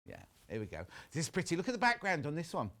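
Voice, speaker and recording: In a TV studio, a middle-aged man presents a shopping channel, chatting in a lively, gossipy way and reading viewer messages aloud during live selling. His voice is on the high side and quick.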